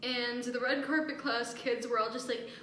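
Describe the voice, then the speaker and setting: A young woman with a fairly high voice tells a school story in loose, casual chat, laughing often and packing her lines with fillers. She sounds a little roomy and echoey, with a faint hiss under her voice. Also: steady tone, normal speed, fairly bright tone. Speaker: podcast co-host. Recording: echoey room with faint noise.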